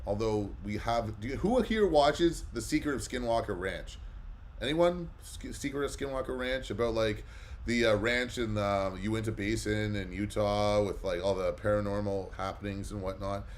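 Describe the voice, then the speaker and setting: A man's voice: fairly low pitch, normal speed, a little hiss or hum. Chatty rambling male auction host. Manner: rambling, chatty, many fillers. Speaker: live comic auction host. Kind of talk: casual livestream chat.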